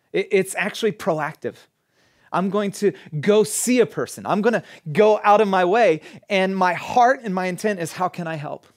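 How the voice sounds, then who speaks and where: Middle-aged guy preaching, chatty and earnest, gets animated with everyday examples. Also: fairly high pitch. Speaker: pastor. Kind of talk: conversational sermon.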